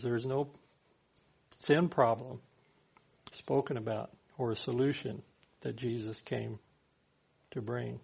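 A man's voice: medium pitch, steady tone, slow, vocal fry, long pauses, darkish tone, slightly rough. A man preaching a sermon in a conversational way, sometimes acting out the people he quotes. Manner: conversational, acts out quoted speakers.

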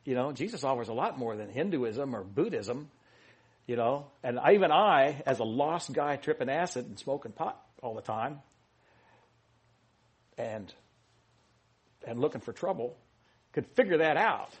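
A man with a husky, slightly rough voice delivers a loose, conversational sermon. He wanders through asides and teasing jokes, stopping and restarting his sentences as he goes. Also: mid-range voice, expressive, a little slow, long pauses. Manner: rambling, joking and self-correcting, with many restarts and fillers. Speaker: pastor. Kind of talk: informal sermon.

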